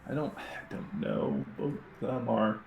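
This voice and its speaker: A man's voice: mid-range voice, very animated, a little slow, vocal fry, a little mellow. A man playing a tabletop game, speaking hesitantly and unsure, with many fillers. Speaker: player. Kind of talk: casual tabletop game chat. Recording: roomy mic with faint noise.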